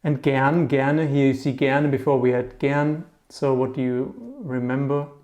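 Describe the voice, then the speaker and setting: A man teaching German vocabulary in a relaxed, chatty lesson, often checking in with a quick "yeah?" while he explains words with memory tricks. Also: medium pitch.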